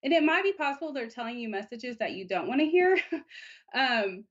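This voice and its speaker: Soft-spoken woman psychic, lo-fi sound. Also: fairly high pitch, expressive. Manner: gentle, unhurried, reassuring with soft laughs. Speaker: psychic reader. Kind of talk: live psychic reading on internet radio.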